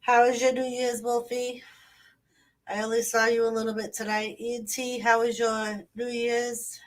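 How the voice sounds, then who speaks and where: A woman's voice: fairly high pitch, flat delivery, moderate pace, far from the mic, slight background noise. A woman, chatting casually on a late-night livestream and greeting viewers by name. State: stuffy nose. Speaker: channel host. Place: home at night.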